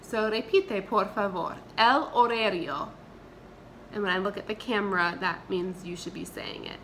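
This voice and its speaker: A woman's voice: medium pitch, steady tone, a bit bright, a little hiss or hum. A woman teacher, leading a remote vocabulary lesson and having the class repeat words after her. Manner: slow, clear repeat-after-me drilling. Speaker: Spanish teacher.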